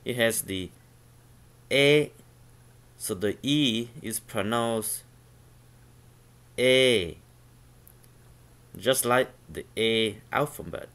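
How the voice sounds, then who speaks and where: A man teaching a pronunciation lesson, slowly sounding out syllables one at a time and repeating them. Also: medium pitch, fairly bright tone. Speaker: language teacher.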